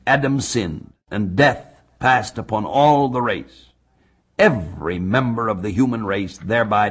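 A man giving expository Bible teaching, measured and deliberate, reading scripture slowly. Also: lowish voice, fairly bright tone, slightly rough.

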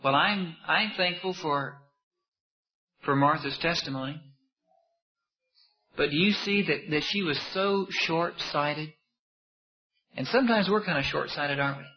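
A man preaching a sermon with impassioned rhetorical questions, swinging between loud emphasis and hushed asides. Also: fairly high pitch, a little slow, pauses often, lo-fi sound.

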